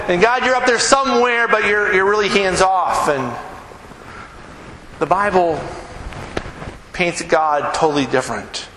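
Man, pastor, lively sermon, high-pitched, echoey hall, noisy room. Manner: energetic, animated, acts out quoted people. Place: church sanctuary.

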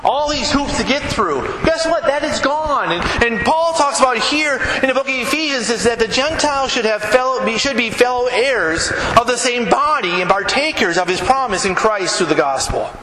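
A man preaching a folksy, animated sermon to his congregation, joking and reading scripture. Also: very high-pitched, moderate pace, few pauses, reverberant, in a large hall, background noise. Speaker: pastor. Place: church sanctuary.

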